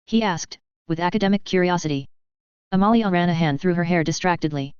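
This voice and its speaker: A woman reading fan fiction aloud as narrator in a steady, even manner, on a dull lo-fi recording. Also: on the low side, a little fast, smooth, no room sound.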